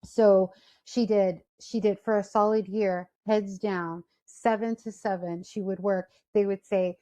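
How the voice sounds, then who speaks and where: Woman telling a career story, mellow voice. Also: medium pitch, unhurried. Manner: storytelling, animated quoted voices. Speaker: speaker. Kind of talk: career talk to an online audience.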